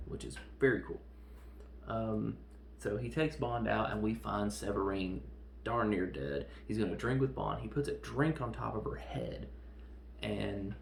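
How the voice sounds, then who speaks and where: A man with a gravelly, creaky voice recaps a film in a loose, chatty way, briefly acting out lines of dialogue as he talks. He sounds like he is recording in a roomy, echoey space with a faint hum of ambience behind him. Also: fairly low pitch. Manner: animated retelling with quick acted-out quotes. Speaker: podcast host reviewing films.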